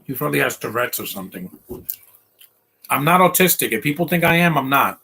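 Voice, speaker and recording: A man's voice: mid-range voice, lively intonation, a little fast, vocal fry, bright, forceful tone, slightly rough. A man hosting a casual live movie commentary, opinionated, rambling and defensive.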